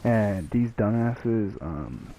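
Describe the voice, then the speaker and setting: A man's voice: on the low side, drawn-out words, gravelly, a little hiss or hum, poor audio. A young man telling a story in casual, profane speech, acting out what people said. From Mexican family. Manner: profane, animated retelling with acted quotes.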